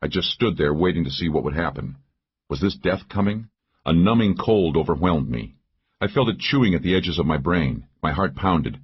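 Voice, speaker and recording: A man narrating a first-person thriller audiobook in a steady, measured way. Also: deep voice, breathy edge, muffled recording.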